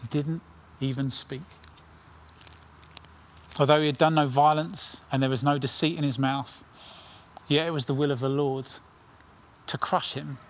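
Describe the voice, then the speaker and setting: A middle-aged man preaching a sermon with earnest intensity, dropping his voice low on key lines. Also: steady tone. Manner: earnest, dramatic pauses, drops to near whisper on key lines.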